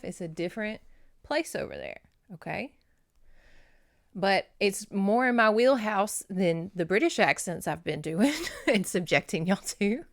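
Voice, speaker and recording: A woman with a Louisiana Southern accent, hosting her book review channel in a rambling, excitable, chatty monologue, often laughing and talking straight to viewers. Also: medium pitch, no room sound. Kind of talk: casual chatty monologue to camera.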